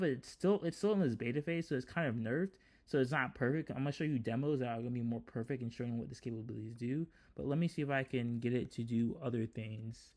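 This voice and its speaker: A developer hosts a casual screen-recorded coding tutorial in a medium-pitched, slightly mellow voice. He speaks hesitantly and restarts often.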